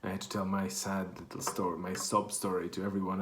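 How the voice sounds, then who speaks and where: A man's voice: low-pitched, level tone, brisk, few pauses, a little hiss or hum. A man from Portugal with a Portuguese accent, telling a rambling, self-correcting story in casual chat. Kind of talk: casual anecdote. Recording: echoey room.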